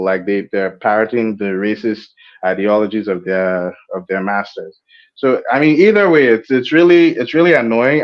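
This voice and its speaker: Male caller, halting speech, muffled call audio. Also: medium pitch. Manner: halting, many fillers and restarts. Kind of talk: casual chat.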